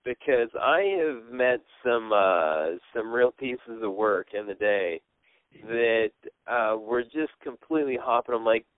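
A man hosting a casual podcast chat, relaxed and hesitant, with many filler words. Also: mid-range voice, a little slow, no echo. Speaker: podcast host. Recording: narrow phone-like sound, dry.

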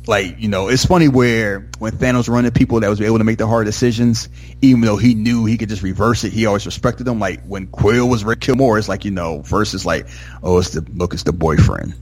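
This is a man with a deep voice that has a husky edge. He rambles enthusiastically through a film discussion, piling on fillers and slipping into the characters' lines. The talk stays loose and conversational. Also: fairly even intonation, fast talker, faint music behind. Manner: rambling, heavy use of "like" and "you know"; enthusiastic, acts out movie lines. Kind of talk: casual movie discussion.

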